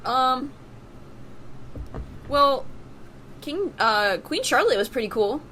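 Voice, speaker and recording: A woman's voice: sits high, sing-song, slow pace, sharp tone, slight background noise. A woman co-hosting a casual podcast, reading out history facts with many fillers and restarts. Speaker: podcast co-host. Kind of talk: casual chat.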